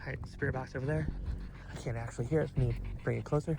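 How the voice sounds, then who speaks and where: A young man hosting a ghost-hunting vlog, calling out to spirits in a hushed, nervous way outdoors at night by a bridge in the woods. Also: medium pitch, fairly even intonation, rapid-fire, vocal fry. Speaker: paranormal investigator and host.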